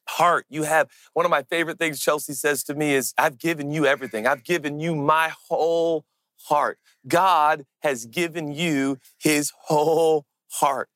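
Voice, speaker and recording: Man, young adult, pastor preaching a sermon, emphatic, stresses words slowly, dry close recording. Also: a little high, a bit bright, no echo.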